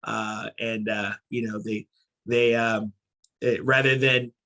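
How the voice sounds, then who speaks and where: A middle-aged man from Haiti and New York, speaking as a podcast guest in a thoughtful, measured way. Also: lowish voice, level tone, bright, forceful tone. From born in Haiti, raised in New York. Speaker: podcast guest, company CEO. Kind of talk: casual podcast interview.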